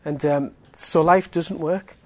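A man's voice: fairly high pitch, fairly even intonation, takes it slowly, darkish tone, no echo. A man giving an evangelistic talk in a chatty style, full of fillers and joking asides. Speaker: Alpha course speaker.

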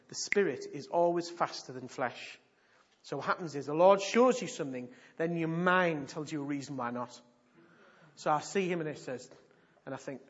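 A man preaching in church teaches through animated stories and emphatic repetition, his voice a little high and slightly rough. The sermon is captured in a dull lo-fi recording.

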